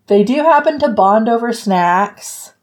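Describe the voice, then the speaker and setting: A woman's voice: a little high, animated, unhurried. A woman hosting a book podcast, retelling the story in a casual chat and acting out quotes with frequent laughs.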